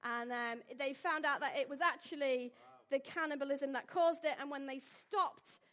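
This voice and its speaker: A young woman speaks to a gathered audience in a loose, informal way. Her voice sits high, and she keeps things light with asides and questions to the listeners. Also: moderate pace, a bit bright. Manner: chatty, jokey, asks the audience questions. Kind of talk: informal talk to a live audience.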